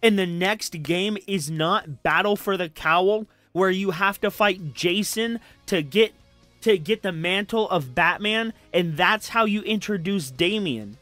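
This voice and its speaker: A man's voice: sits high, a little slow, sharp tone, dry recording, faint music behind. A man streaming live, chatting casually and breaking into heated, profane rants where he repeats himself.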